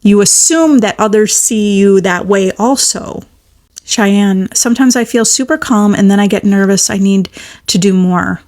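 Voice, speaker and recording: A woman's voice: medium pitch, a little slow, darkish tone. Woman coaching live, casual and encouraging, repeats affirmations. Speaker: manifestation coach. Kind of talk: live-stream coaching, answering viewer comments.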